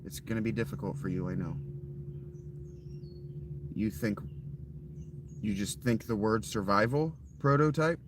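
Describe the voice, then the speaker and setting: Male streamer, lowish voice, dry and offhand, swears casually, noisy background. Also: unhurried, long pauses. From Ohio. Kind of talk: casual live game commentary.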